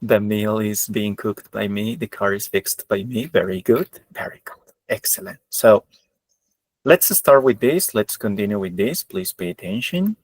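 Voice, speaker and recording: A man's voice: fairly low pitch, unhurried, no room sound. Male English teacher, dry sound. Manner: switches between Spanish explanation and English examples, repeats key points. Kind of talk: online class lecture.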